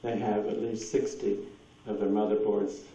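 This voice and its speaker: Speaking at a moderate pace with a flat delivery, a man with a fairly low, warm voice tells wandering stories at a talk and responds to audience questions, laughing often. The audio is hissy and dull, recorded from afar in an echoey room.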